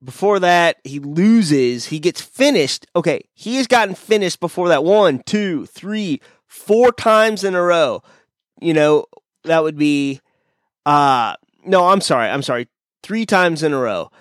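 A man's voice: on the high side, lively intonation, slow pace, no room sound. Blunt, opinionated man on a dry call mic. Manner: blunt, opinionated, talks through fighters' records. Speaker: podcast host. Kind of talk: casual fight-pick chat. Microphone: video call.

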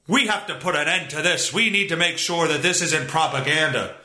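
A man's voice: on the high side, fairly quick, pushed and bright. A man voicing a panicky, alarmed social media algorithm. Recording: roomy echo.

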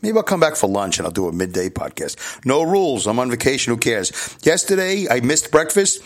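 A middle-aged man from Brooklyn, New York City, hosts a solo podcast in a medium-pitched, very animated voice at a fairly quick pace. His casual monologue is a loose, candid ramble, punctuated by chuckles and self-corrections.

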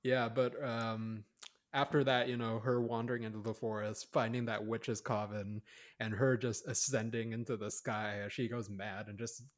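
A man's voice: lowish voice, level tone, moderate pace. Rambling man chatting about a film. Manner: rambling, many fillers and restarts. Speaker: podcast co-host. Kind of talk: casual chat reviewing a horror film.

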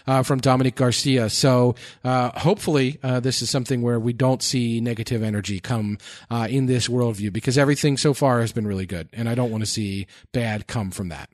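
A man co-hosting a TV discussion podcast who talks his analysis through at a steady, thoughtful pace. He leans on frequent "uh" pauses as he thinks aloud. His voice is recorded dry, with no room sound, and sits at a medium pitch. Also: dry recording. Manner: thoughtful, many filler "uh"s. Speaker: podcast co-host. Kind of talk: casual chat analyzing TV episodes.

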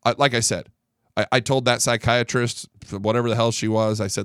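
A man's voice: medium pitch, fairly even intonation, fairly quick, fairly bright tone, no echo, clean studio sound. A middle-aged man giving a blunt, heated monologue as a podcast host, often stumbling and restarting as he vents. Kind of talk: casual monologue.

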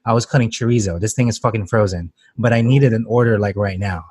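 A man's voice: fairly low pitch, fast talker, a little mellow, slightly rough, no echo, clean studio sound. A man who works as a cook, chatting casually on a podcast, swearing freely and laughing often. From Canada. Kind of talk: casual chat.

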